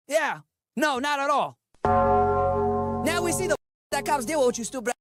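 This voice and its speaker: A woman's voice: sits high, animated, normal speed, long pauses. A woman in a played clip ranting in a scornful, sarcastic tone, mocking her targets. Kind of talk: mocking rant.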